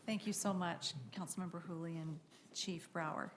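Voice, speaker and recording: A woman's voice: on the low side, fairly even intonation, normal speed, noisy background. A woman chairing a city council meeting, chatty and apologetic, correcting herself as she goes, speaking into a rostrum microphone. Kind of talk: meeting chair's casual introductions.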